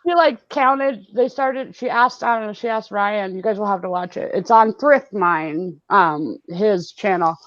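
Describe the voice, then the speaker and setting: A woman's voice: mid-range voice, a little slow, hardly any pauses, a bit bright, no room sound. A woman hosting a casual live-stream hangout, chatting, laughing often and reading comments from the chat aloud over a video call. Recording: dull, lo-fi video call audio.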